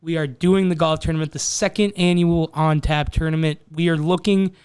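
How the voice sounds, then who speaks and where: A man's voice: a little high, fairly even intonation, moderate pace, a little mellow, clean tone, dry recording. A man co-hosting a podcast in laid-back casual chat, swearing freely. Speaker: podcast co-host.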